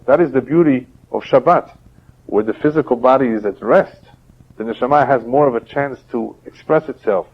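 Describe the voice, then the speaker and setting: A man, a rabbi, giving a religious lecture and teaching through parables in a steady, explaining way. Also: mid-range voice. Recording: dull lo-fi older audio.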